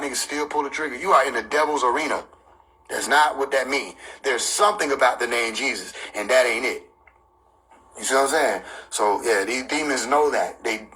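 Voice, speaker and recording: High bright-voiced man ranting profanely. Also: breathy edge, rough recording. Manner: profane, streetwise, laughing between points; preachy, lecturing on scripture. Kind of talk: casual monologue rant.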